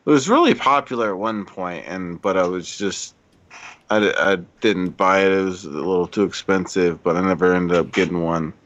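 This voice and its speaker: A man co-hosting a casual live stream, talking in a laid-back, rambling way with deadpan jokes. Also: sits low, normal speed, lo-fi sound. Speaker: podcast co-host.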